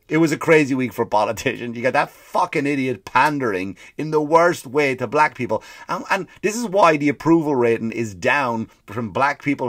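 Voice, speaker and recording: A male comedian hosting his own podcast, ranting in a fast, emphatic, profane flow. His voice sits in a middle range and he hammers his points by repeating phrases. The sound is dry and close to the mic. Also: mid-range voice, a bit bright, dry recording. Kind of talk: comedic rant.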